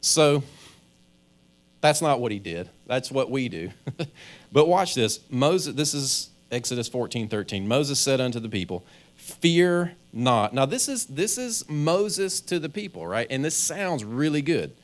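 A man's voice: mid-range voice, very animated, unhurried. A man, a pastor, giving a conversational sermon, often acting out people's inner thoughts and restarting his sentences. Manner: conversational preaching, acts out inner voices, stammers on restarts.

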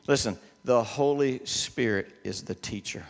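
A man's voice: medium pitch, a little slow, long reverb tail, soft background music. An older man preaching a sermon, telling folksy personal stories and repeating words for emphasis.

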